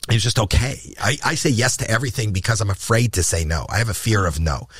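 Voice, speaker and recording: An older man from Canada tells stories as a podcast guest, with a lowish voice that jumps higher when he acts out what people said. He repeats and restarts words as he goes, and the sound is close and dry. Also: quick pace, husky, dry recording. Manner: animated, acts out quoted lines with rising pitch. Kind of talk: anecdotal storytelling in conversation.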